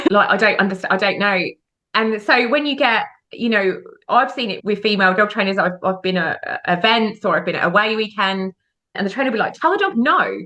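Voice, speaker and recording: A woman's voice: medium pitch, a little fast, bright, forceful tone. A woman guest on a podcast, a mindset coach, talking emphatically and acting out the voices she quotes. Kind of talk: podcast conversation.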